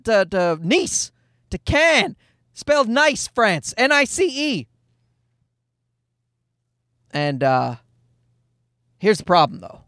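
A man in his thirties hosts a casual solo podcast, telling a story in a profane, self-mocking way. His voice is very high and a bit bright, with a dry, clean studio recording.

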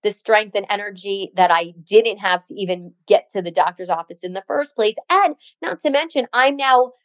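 A woman's voice: mid-range voice, normal speed, no room sound. A woman co-hosting a podcast, telling a story in a sarcastic, emphatic way, full of "like" and "you know". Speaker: podcast co-host. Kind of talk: casual chat.

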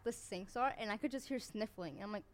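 A woman's voice: mid-range voice, quick pace. A young college woman telling a story among friends in a casual podcast chat. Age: young adult.

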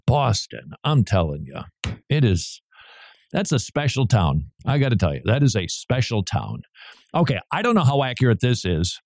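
A man's voice: medium pitch, darkish tone. A male radio host in casual on-air banter, his voice rising and falling with plenty of expression. He drifts from story to story and chuckles between remarks. The sound is close and dry, with no room echo. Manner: chatty and digressive, laughs between remarks.

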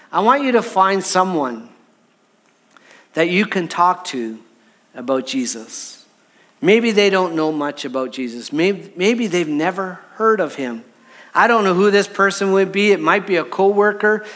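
A man's voice: sits high, a bit bright. A middle-aged man preaching as a pastor, telling a personal story in a conversational way and checking in with the audience. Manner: conversational, repeats "right?" to the audience.

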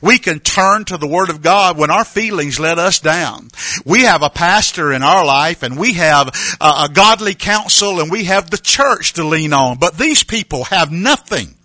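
A man preaching an earnest mission appeal, halting and repeating words with many fillers. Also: fairly high pitch, animated, bright, forceful tone, no echo, poor audio. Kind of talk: sermon appeal.

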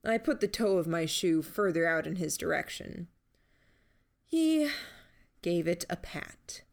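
A woman narrating a first-person novel in a measured, steady reading. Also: fairly low pitch, creaky. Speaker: audiobook narrator.

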